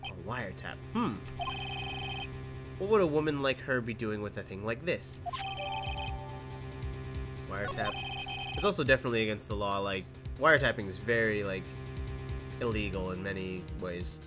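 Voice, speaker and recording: A man's voice: lowish voice, lively intonation, moderate pace, pauses often. A man doing a casual, jokey fan voice-over of a courtroom game, reading the lawyer and narration in his own voice over game music. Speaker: let's-play voice actor.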